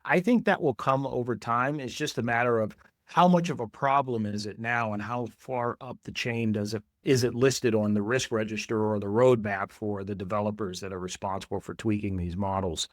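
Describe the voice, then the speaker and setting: Measured, low-voiced guest. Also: male voice, fairly even intonation, dry recording, clean studio sound. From United States. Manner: measured, thoughtful, repeats "I think". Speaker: interview guest, security executive. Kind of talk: interview answers.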